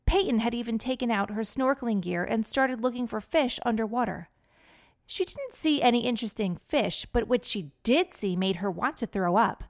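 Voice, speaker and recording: A woman narrating a children's adventure story in a lively, clear manner. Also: fairly high pitch, normal speed.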